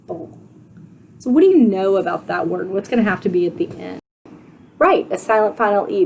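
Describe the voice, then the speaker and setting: A woman teacher giving a spelling lesson, sounding out letters and syllables slowly and asking her students questions. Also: fairly low pitch, darkish tone, a little hiss or hum. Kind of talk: slow, deliberate spelling instruction.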